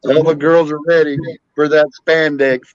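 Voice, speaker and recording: A man's voice: fairly high pitch, little pitch movement, moderate pace, dull audio. A man chatting casually, blunt and joking about bikes. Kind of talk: casual chat.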